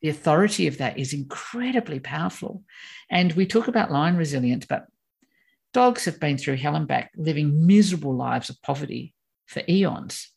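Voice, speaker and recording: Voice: medium pitch, lively intonation, moderate pace, vocal fry, a little mellow, slightly rough. A course teacher explaining ideas in an emphatic conversational way, acting out quoted voices. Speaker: course teacher on personality animals.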